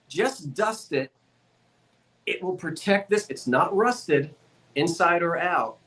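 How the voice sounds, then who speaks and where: A woman's voice: on the low side, fairly bright tone. A woman with a South Jersey accent hosting a live-stream antiques auction, chatty and folksy, laughing easily as she talks up each item.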